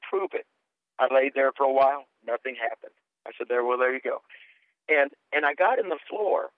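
A man's voice: mid-range voice, dry recording. Earnest man on a tinny phone line. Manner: earnest storytelling, stammers on restarts. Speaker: guest minister and author. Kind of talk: testimony in a radio interview.

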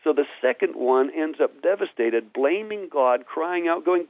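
A man's voice: a little high, lively intonation, unhurried, few pauses, no room sound. A man who is a guest minister on a talk show, teaching with earnest emphasis and then praying. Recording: tinny phone-like dry sound.

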